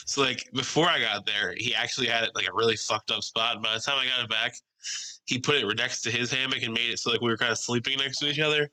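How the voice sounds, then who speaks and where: A young man co-hosts a casual podcast, telling animated stories, cursing freely and imitating other people's voices. He talks fast in a mid-range voice, and the recording quality is low.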